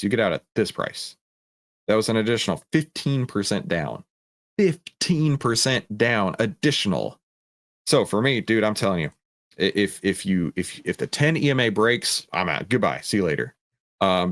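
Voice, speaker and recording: Low-voiced man answering viewer questions. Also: a bit bright, no echo, clean studio sound. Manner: conversational, repeats phrases, restarts often. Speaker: trading show host. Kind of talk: live Q&A with screen-share chart walkthrough.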